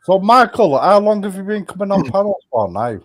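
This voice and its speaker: A man's voice: high-pitched, very animated, fairly quick. Blunt, mocking stream host, man. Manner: blunt, mocking, swears freely. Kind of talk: casual live stream chat.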